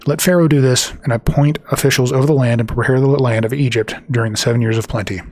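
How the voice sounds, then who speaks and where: A man reading scripture aloud and explaining it, talking haltingly with many fillers and restarts, and reading the quoted passages quicker than his own remarks. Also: medium pitch, steady tone, darkish tone. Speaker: Bible teacher.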